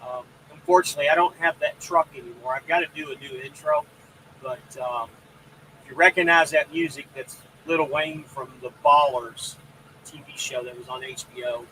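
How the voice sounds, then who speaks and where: A man's voice: mid-range voice, steady tone, moderate pace, pushed and bright, slight background noise, rough recording. A man hosting a casual live stream about trucking, rambling and greeting viewers by name. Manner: rambling, reads out viewer comments.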